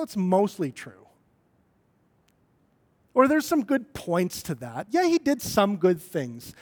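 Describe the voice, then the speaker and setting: A man preaching a sermon as pastor, talking conversationally and then building to emphatic, rising points. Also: sits high.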